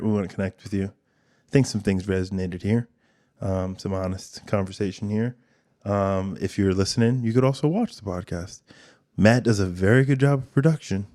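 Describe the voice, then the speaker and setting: A man's voice: on the low side, a little mellow. A man hosting a podcast, talking in a casual, candid and rambling way, with plenty of swearing. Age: adult father of two. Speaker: podcast host.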